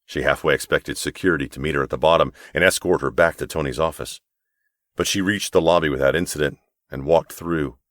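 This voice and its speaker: A man narrating an audiobook in a measured, even storytelling manner. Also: a bass voice, no echo, studio quality. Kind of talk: scripted narration.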